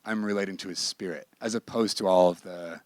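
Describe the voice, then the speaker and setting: A man's voice: low-pitched, fairly even intonation, a little fast, dry recording. A man teaching a ministry class in a candid, emphatic, conversational sermon style. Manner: emphatic and candid, with bursts of laughter.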